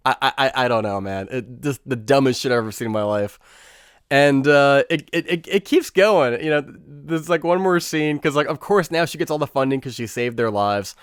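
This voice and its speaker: A man giving a casual, profane movie review, animated and sarcastic, with frequent swearing and mocking quoted reactions. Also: medium pitch, normal speed, clean tone, no room sound, studio quality. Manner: animated, sarcastic, swears freely, mocks scenes in put-on quotes.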